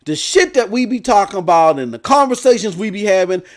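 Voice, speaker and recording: A man hosting a gaming news stream, telling a rambling story in a loud, animated way. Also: high voice, a little fast. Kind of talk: casual storytelling rant.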